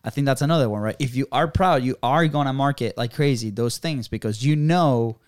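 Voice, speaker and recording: A man co-hosting a podcast, upbeat and quick to laugh, who walks listeners through numbered action points. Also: mid-range voice, dry recording, clean studio sound. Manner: upbeat, laughs easily, sums things up in lists. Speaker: podcast co-host. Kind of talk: casual podcast chat.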